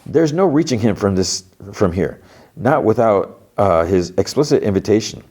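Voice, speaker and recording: A man voicing a smooth-talking male salesman who is overly courteous and quietly menacing. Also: lowish voice, expressive, moderate pace, voice pushed up. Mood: oily polite.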